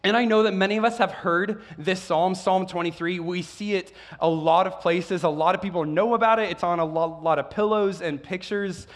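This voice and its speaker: A man preaching a sermon as a pastor, excitable and often stumbling and restarting his sentences. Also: high voice, normal speed, few pauses.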